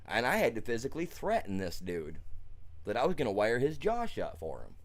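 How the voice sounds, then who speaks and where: A man's voice: mid-range voice, huge pitch swings, brisk. A man streaming a game, telling a heated story in a blunt, colloquial way, full of restarts and fillers. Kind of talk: casual chat while streaming a game.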